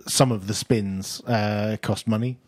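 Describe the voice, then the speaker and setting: Low-voiced man chatting on a podcast. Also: steady tone, measured pace, no room sound. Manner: chatty, reminiscing, laughs often. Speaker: podcast co-host. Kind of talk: casual chat.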